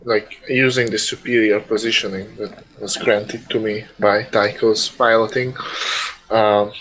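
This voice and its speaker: A man's voice: on the low side, steady tone, unhurried, a bit bright, a little hiss or hum, poor audio. A man playing a tabletop game, speaking in brief, matter-of-fact turns. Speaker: player. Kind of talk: casual tabletop play.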